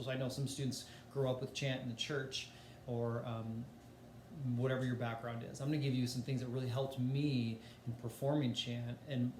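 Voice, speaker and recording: A man teaching music in a relaxed, chatty way, with filler words and sung demonstrations. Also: mid-range voice, echoey room, a little hiss or hum.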